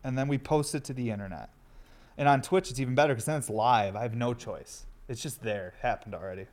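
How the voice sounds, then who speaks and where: A young streamer and podcast host talks fast in a medium-pitched, slightly mellow voice. Shivering from the cold during a home smoking session, he rambles casually, loose, unfiltered, profane and self-deprecating.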